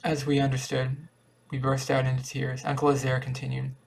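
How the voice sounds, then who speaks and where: A man reading a short story aloud as an audiobook, with a steady, measured delivery. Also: medium pitch, creaky. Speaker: audiobook reader. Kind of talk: audiobook narration.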